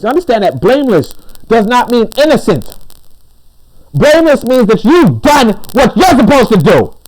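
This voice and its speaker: A man giving an impassioned commentary monologue. He preaches emphatically, repeats and restarts his words, and drops lower and calmer when he reads aloud. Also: rough recording. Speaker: commentary channel host.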